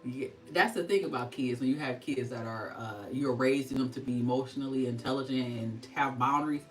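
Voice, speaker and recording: A woman's voice: extremely low pitch, a little fast, far from the mic, soft background music, low-quality recording. A middle-aged woman hosting a casual skincare livestream, chatty and laughing often.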